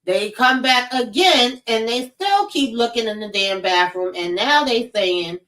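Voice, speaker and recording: Woman vlogging, swearing n animated, talking to her viewers like friends, kinda far from the mic. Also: fairly high pitch, unhurried. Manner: expressive, profane, addresses viewers as child and y'all. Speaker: vlog host talking to live viewers. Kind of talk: casual storytelling.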